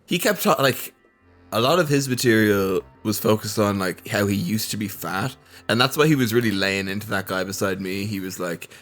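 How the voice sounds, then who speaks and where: An Irish podcast co-host talks at a moderate pace in a fairly low, bright, animated voice, with soft music playing behind him. He rambles hesitantly through casual chat, quoting others a lot.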